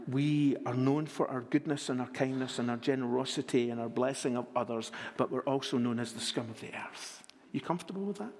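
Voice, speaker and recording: A man preaching a sermon to a congregation, expressive, dropping to a hush on key words. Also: medium pitch, husky. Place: church. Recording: long reverb of a church hall.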